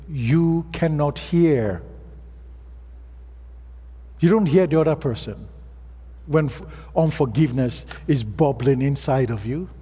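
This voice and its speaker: A man's voice: on the high side, mellow, husky. A man with an African accent, a pastor preaching a sermon and telling stories in a plain, earnest way. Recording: long reverb of a hall.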